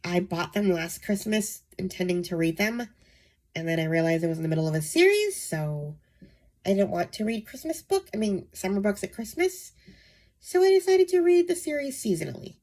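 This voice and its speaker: A woman's voice: lowish voice, lively intonation, moderate pace. Nasal woman with a head cold. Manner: soft-spoken, saving her voice, many ums. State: sick and nasal. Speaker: book channel host. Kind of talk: casual book vlog.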